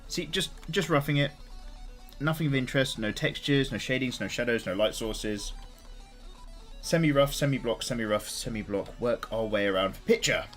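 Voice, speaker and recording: A man's voice: medium pitch, normal speed, fairly bright tone, soft background music. A man chatting casually on a live stream while he draws, greeting viewers and swearing freely.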